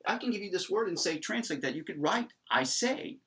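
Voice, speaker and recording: Male lecturer, lively pitch, emphatic classroom delivery with frequent ums. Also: quick pace, breathy edge. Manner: animated, emphatic, with many fillers. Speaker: Greek teacher.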